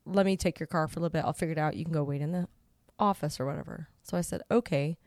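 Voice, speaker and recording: A woman's voice: sits low, rapid-fire, darkish tone, no room sound, studio quality. A middle-aged woman telling a story in casual chat, acting out the people she quotes and laughing along. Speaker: podcast co-host.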